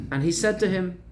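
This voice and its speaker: A male rabbi telling a story in a lunchtime Torah class, animated and conversational. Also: fairly high pitch, gravelly, background noise. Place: lecture room in Gibraltar.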